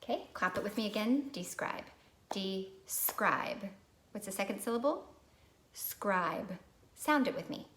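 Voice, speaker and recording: A woman's voice: medium pitch, lively intonation, moderate pace, a bit bright, slight background noise. A woman teaching a recorded phonics lesson to young children, patient and prompting them to repeat words.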